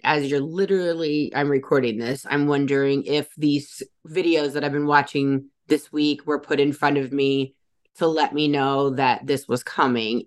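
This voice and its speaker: A middle-aged woman hosting a spiritual podcast, a little hoarse, rambling casually with many fillers and restarts. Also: low voice. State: slightly hoarse from yelling. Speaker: podcast host and psychic medium.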